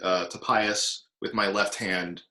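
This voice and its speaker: A man's voice: on the low side, fairly even intonation, slow, sharp tone. A man playing a tabletop game, describing his moves with hesitation as he works them out. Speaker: player. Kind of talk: casual tabletop game play.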